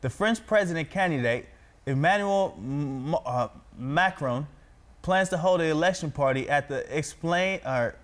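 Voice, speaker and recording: A man's voice: a little high, measured pace. A man practicing reading news copy aloud, stumbling over names and repeating corrections.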